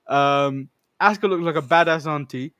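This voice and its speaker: A man's voice: fairly high pitch, moderate pace, a bit bright, no room sound. A man from the United States co-hosting a podcast, recapping a wrestling show in a laid-back way. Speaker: podcast co-host.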